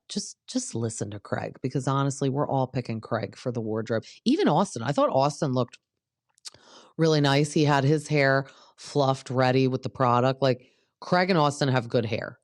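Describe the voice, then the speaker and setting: A woman's voice: extremely low pitch, normal speed, no room sound, studio quality. A young woman hosting a show, chatting casually and sarcastically with lots of "like" fillers. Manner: chatty, sarcastic, heavy use of "like". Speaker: podcast host recapping reality TV. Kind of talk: casual chat. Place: home.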